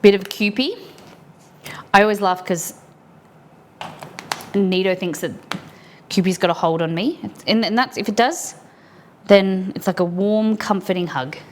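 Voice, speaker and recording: A woman's voice: medium pitch, a little slow, pauses often, a little hiss or hum. A woman streamer chatting casually with her viewers while she makes food in her kitchen. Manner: chatty, answers chat while rolling food. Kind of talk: casual cooking livestream chat.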